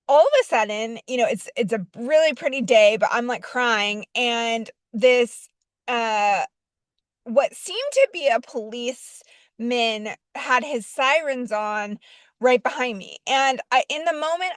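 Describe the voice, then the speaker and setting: A woman's voice: on the high side, dry recording. Chatty rambling woman, dry sound. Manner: rambling with many fillers and restarts. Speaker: vlogger telling a personal story. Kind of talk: casual storytelling to camera.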